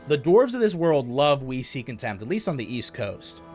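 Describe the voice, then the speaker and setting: A man casually commentating his own gameplay on a stream, excitable, swearing and reading game text aloud. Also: medium pitch, normal speed, faint music behind.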